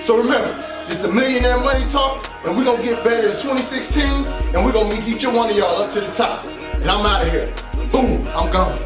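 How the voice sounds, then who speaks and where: A man's voice: high voice, brisk, recorded from a distance, over music. A man gives an emphatic motivational talk, repeating his points like a preacher. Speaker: motivational speaker. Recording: echoey room, voice off-mic.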